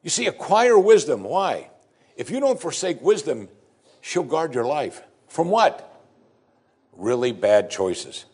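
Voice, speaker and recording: A man's voice: on the high side, sing-song, takes it slowly, darkish tone, husky. A man preaching a sermon as pastor, emphatic, repeating key phrases with strong stress.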